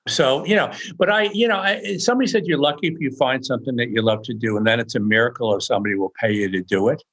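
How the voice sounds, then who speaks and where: An older man tells anecdotes in a loose, rambling way, often restarting his sentences and chuckling along with his own stories. His voice sits in an ordinary middle pitch for a man. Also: fast, a bit bright. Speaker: author guest. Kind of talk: casual anecdotal storytelling.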